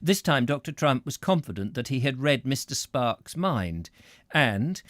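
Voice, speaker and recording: A man narrating a novel aloud in an expressive way, with occasional slips. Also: mid-range voice, unhurried, no echo, studio quality. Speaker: audiobook reader.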